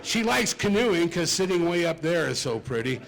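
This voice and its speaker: A man's voice: on the high side, sing-song, moderate pace, vocal fry, background noise. A middle-aged man doing a stand-up comedy set, chatty and self-mocking as he talks to the audience. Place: club stage with a live audience.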